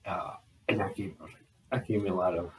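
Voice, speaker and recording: A man talking in a rambling video journal, holding back a restless energy and slowing himself down on purpose. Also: low voice, fairly even intonation, far from the mic, a little hiss or hum, poor audio. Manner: restless, deliberately slowed and restrained delivery; frequent fillers and restarts. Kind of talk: rambling personal journal talk. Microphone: laptop.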